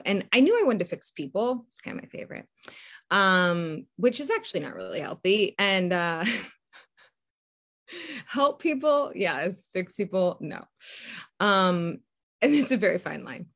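A woman hosts her own podcast alone and talks to listeners as if to friends. Her voice sits on the low side. She rambles, circles back on her words and laughs softly as she goes. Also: animated, a little slow. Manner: chatty and rambling, with restarts and soft laughs. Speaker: podcast host and faith coach. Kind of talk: casual solo podcast talk.

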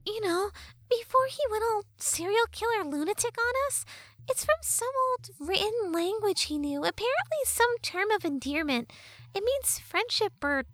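A woman puts on a sharp-tongued little fairy girl, squeaky and way up high, voice swinging all over the place as she teases, close and dry with soft music under it. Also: animated, normal speed, no echo. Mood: fond. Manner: snappy, teasing, high and bright. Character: sharp-tongued young female fairy, sarcastic but caring. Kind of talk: audiobook character voice.

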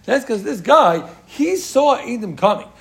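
High-voiced gravelly man leading a Talmud class. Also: a little slow. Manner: animated, excitable, explains by repeating and acting out cases. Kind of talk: lively Talmud study session.

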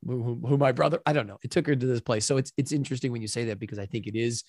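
A man hosting an interview, chatting casually and telling lively stories full of fillers. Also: medium pitch, racing, dry recording, clean studio sound. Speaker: podcast host.

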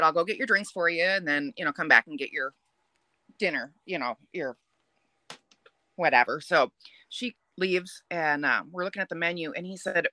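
A young adult woman telling a dating story on a podcast in a chatty, lively way. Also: deep voice, no echo. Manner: chatty, animated, laughs while telling. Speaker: podcast guest. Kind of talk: casual storytelling.

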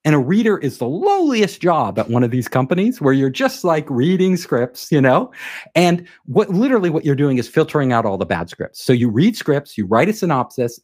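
A man telling an anecdote in a casual interview, animated and acting out the quoted dialogue. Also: on the high side. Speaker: guest telling a career story.

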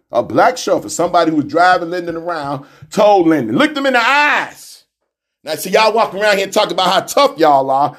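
A man hosting a radio show, reading a text aloud and commenting on it in a preachy way, repeating lines and calling out to his listeners. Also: sits high. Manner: repeats lines, calls out to listeners with "y'all", "family" and "brothers and sisters".

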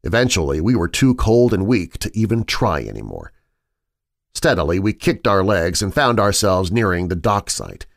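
A man with a low voice narrates a horror story in a measured, suspenseful way. His pitch moves a lot, rising and falling with the tension. The sound is dry and close, with no room echo. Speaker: horror podcast host and narrator.

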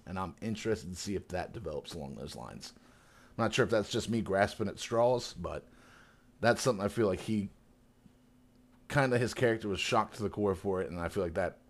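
A man with a lowish voice talks as a guest on a casual podcast. He retells scenes with animated, slangy energy and swears freely along the way. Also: fairly quick. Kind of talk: casual chat.

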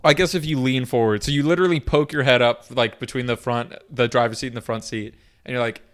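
A man's voice: medium pitch, fairly even intonation, quick pace, few pauses. A man co-hosting a podcast, chatting casually and joking playfully with his co-host. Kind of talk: casual chat.

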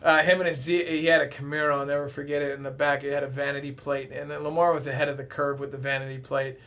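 A man from the Detroit area tells his stories with an animated, lively delivery. He acts out the voices of the people he talks about, in a voice that sits a little high for a man. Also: fast. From Detroit area, USA. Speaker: guest. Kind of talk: casual storytelling.

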